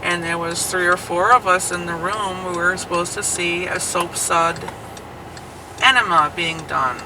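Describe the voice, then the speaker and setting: Man, high pitch, slow drawn-out talk, outraged, swearing, casual chat, inside a car, loud road noise. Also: steady tone, distant mic. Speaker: nursing trainee.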